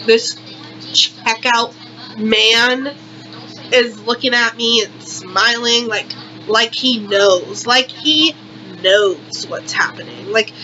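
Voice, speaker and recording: A woman's voice: a little high, sharp tone, lo-fi sound. A young woman vlogger performing a satirical monologue in exaggerated, repetitive, melodramatic outrage.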